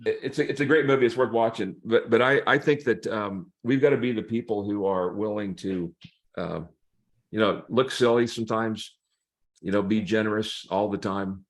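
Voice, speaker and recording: A man, a pastor, telling humorous stories in a relaxed chat, laughing as he acts out the people in them. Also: lowish voice, normal speed. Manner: humorous, laughing storyteller, acts out quoted voices. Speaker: pastor and guest. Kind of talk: casual storytelling chat.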